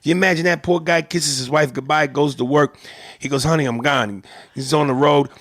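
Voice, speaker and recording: A man's voice: a little high, fairly even intonation, brisk, fairly bright tone, dry recording, clean studio sound, pitched above the performer's own voice. A man voicing a crude, blunt old-school Italian-American man with a New York Italian-American accent, profane and brash. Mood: gossiping. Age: older.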